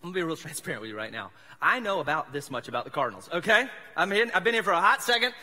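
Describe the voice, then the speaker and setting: Racing along in a sing-song, a little high voice, bright and forceful, a South Mississippi man with a Southern accent preaches from a church sanctuary. His sermon is casual and chatty, full of jokes at his own expense, and the room adds long hall reverb.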